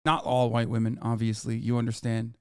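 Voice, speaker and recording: A man's voice: mid-range voice, completely flat delivery, brisk, clean tone, dry recording, studio quality. A male streamer host giving blunt, profane reaction commentary in a casual, riffing way.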